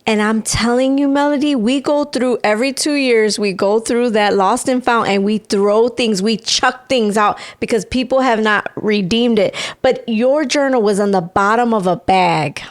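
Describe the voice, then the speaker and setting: Lively woman telling a story. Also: fairly high pitch, normal speed, few pauses. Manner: animated storyteller acting out quoted voices. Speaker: podcast co-host. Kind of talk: storytelling in casual chat.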